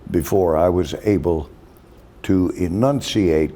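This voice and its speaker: Older male host, low mellow voice, folksy unhurried storyteller. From Texas. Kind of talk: casual chat.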